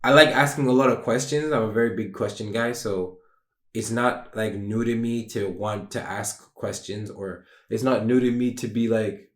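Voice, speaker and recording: A man's voice: fairly low pitch, steady tone, normal speed. A young man hosting a solo podcast, talking in a rambling, emotional, candid way and swearing casually. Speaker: podcast host. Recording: roomy echo.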